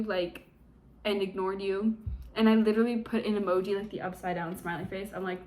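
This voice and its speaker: A woman's voice: mid-range voice, fairly even intonation, normal speed, a little mellow. A young woman recapping a book for a vlog in a chatty, sarcastic way, full of fillers. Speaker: book reviewer.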